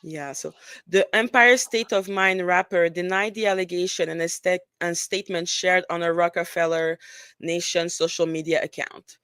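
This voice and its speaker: A woman's voice: lowish voice, steady tone, normal speed, a bit bright, smooth, dry recording. A woman with a French accent co-hosting a podcast, reading news aloud carefully and then commenting on it. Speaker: podcast co-host.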